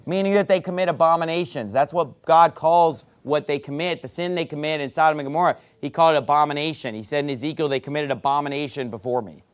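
A man with a high-pitched voice preaches a sermon in a church service. He drives his points home with loud, emphatic stresses on key words and drops into quick asides to the congregation. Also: smooth. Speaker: pastor.

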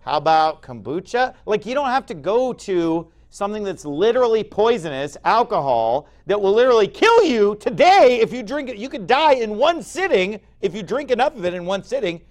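A pastor in his forties preaching a sermon in an emphatic, conversational way, with sudden loud bursts. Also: sits high, big pitch swings, moderate pace, hardly any pauses.

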